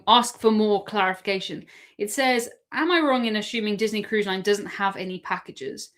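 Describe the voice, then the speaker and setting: Here a cruise live-stream host, an English woman from England, talks casually and laughs often while responding to viewers' questions. Her mid-range voice carries a fairly bright tone.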